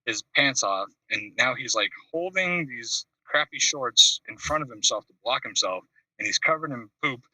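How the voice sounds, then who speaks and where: Man, animated storyteller, bright slightly husky voice, video call audio, distant from mic. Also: mid-range voice, normal speed, dry recording. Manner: lively storyteller, acts out voices, laughs at his own story. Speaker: call-in show host.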